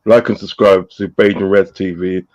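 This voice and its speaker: A host runs a casual live-stream chat, laughing often as he reads out viewers' messages and shout-outs. He has a low, level voice at a moderate pace, recorded with lo-fi sound.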